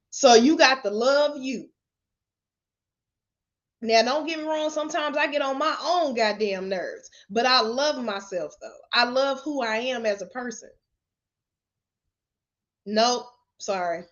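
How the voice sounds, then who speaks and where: Unfiltered motivational lady cussing and laughing on a live, kinda high voice, muffled stream sound. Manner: blunt, profane, laughs often. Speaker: motivational speaker. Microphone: webcam or phone camera.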